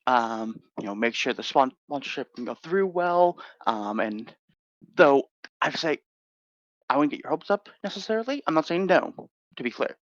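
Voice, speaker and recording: A man plays a male fitness influencer who dodges a request with polite, rambling hedges and quick bursts. The sound is dry and somewhat dull. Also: medium pitch, very animated, dry recording, close to an everyday voice. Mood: evasive. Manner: hedging, rambling, fast bursts.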